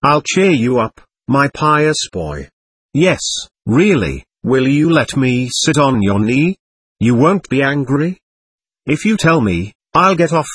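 A man raising his voice to play an excitable young woman who chatters and teases with a lilting, lively rise and fall. The tone is a little husky and dry, and it is heard close up as a storybook reading. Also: medium pitch, slow pace, no echo, full character voice. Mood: playful. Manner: chattering, teasing, bright lilt.

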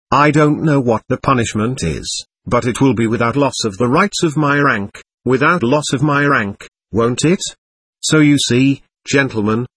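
A man voicing an excitable, proud nobleman under police questioning, talking on and on in a defiant way. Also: mid-range voice, breathy edge, dry recording. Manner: voluble, defiant, laughing nervously.

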